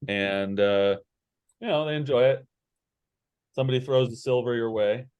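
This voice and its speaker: A man's voice: medium pitch, normal speed, darkish tone, clean tone. A man narrating as game master in a tabletop game, meandering and full of fillers.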